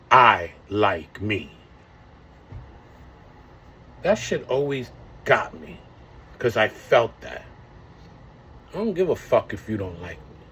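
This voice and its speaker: A man's voice: on the low side, a little hiss or hum. A man in his forties talks to his viewers in a casual vlog, rambling, swearing and full of slang. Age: 40s. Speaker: vlogger. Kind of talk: casual monologue.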